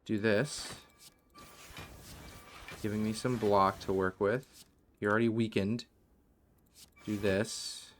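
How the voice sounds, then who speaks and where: A man's voice: on the low side, level tone, slow pace, long pauses, slight background noise. A man commentating his own card game play, muttering card names and worried asides as he goes. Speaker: gaming video host. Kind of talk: gameplay commentary.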